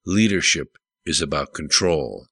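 A man's voice: very deep voice, lively intonation, measured pace, a bit bright, slightly rough, dry recording, heavily acted. A man reading the lines of a stern, blunt, battle-hardened male general in an audiobook.

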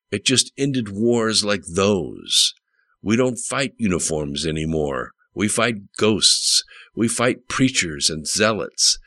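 A man's voice: sits low, bright, forceful tone, dry recording, heavily acted. A man reading the lines of a stern, blunt, battle-hardened male general in an audiobook.

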